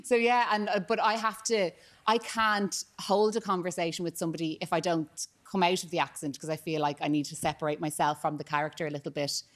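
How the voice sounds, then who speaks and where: A young Irish woman talks as a guest in a morning TV studio, her voice sitting a little low for a woman. She chats in quick bursts, scattering "like" and "you know" through each thought. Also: little pitch movement. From Ireland. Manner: chatty, fast, with many fillers like "like" and "you know". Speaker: actor guest. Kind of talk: casual TV interview chat.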